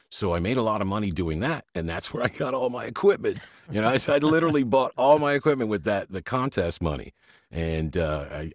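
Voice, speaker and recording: A man with a very deep voice tells animated stories and laughs often as an interview guest. His voice sounds close and dry into a studio microphone, with no room around it. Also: no echo. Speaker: voice actor guest. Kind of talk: casual interview chat.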